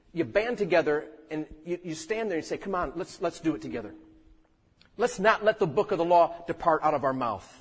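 Male preacher, high and husky, animated sermon delivery, long hall reverb. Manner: animated storytelling preacher, acts out quotes. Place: church sanctuary.

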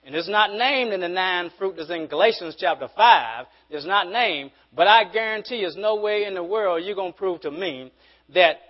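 A man preaching a sermon as pastor, emphatic and repetitive, swinging from forceful peaks to quiet asides. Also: sits high, normal speed, muffled recording. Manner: repeats words when building a point.

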